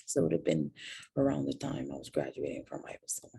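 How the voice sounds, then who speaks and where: Gravelly-voiced woman telling her story. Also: very deep voice, sing-song, fast talker, dark tone. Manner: candid, confiding, drops to a whisper on painful details. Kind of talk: personal storytelling vlog.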